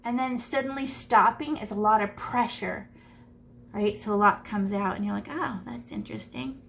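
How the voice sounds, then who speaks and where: A woman's voice: medium pitch, moderate pace, gravelly, fairly bright tone, a little hiss or hum. A woman art teacher demonstrating shading, chatting playfully and thinking aloud as she draws. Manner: chatty, playful, talks to herself while drawing. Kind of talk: live drawing lesson demonstration. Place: classroom.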